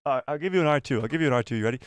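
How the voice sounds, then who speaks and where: A man hosting a live stream, chatting casually and excitedly with his viewers and jumping between topics. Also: mid-range voice, rapid-fire, clean tone, dry recording.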